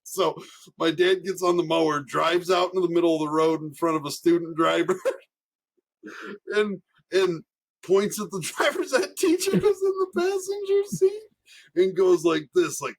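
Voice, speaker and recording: A young man, a racing driver guest, telling stories in a casual, animated way, laughing often and swearing freely. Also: sits high, measured pace, long pauses, husky. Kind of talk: casual storytelling.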